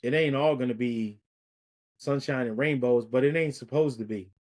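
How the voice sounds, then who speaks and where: A man's voice: medium pitch, normal speed, darkish tone. Man in his fifties, podcast guest, slangy and easygoing, laughs through his stories. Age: 50s. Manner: loose slangy storyteller, laughs through lines. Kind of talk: casual storytelling chat.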